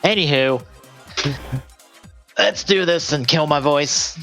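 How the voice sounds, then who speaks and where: A man's voice: a little high, slow, pauses often, pushed and bright, soft background music. A man co-hosting a gaming podcast, chatting casually and reading out game release lists, rambling and correcting himself. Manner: rambling, self-correcting, laughs often. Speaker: podcast co-host.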